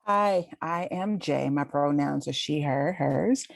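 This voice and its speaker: A woman's voice: low voice, takes it slowly, gravelly, dry recording. A woman from Vallejo, California, reading a vision statement aloud over a video call.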